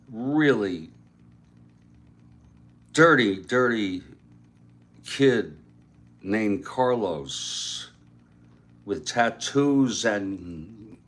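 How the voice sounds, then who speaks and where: A man voicing a sad, worried grown daughter in a spoken story, speaking in a plaintive, drawn-out way. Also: lowish voice.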